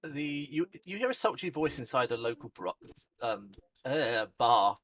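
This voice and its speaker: Laughy guy running a tabletop game, voice goes up and down a lot, slightly high, muffled audio. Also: very animated, normal speed, fairly bright tone. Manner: giggly, reads narration with stumbles. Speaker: game master.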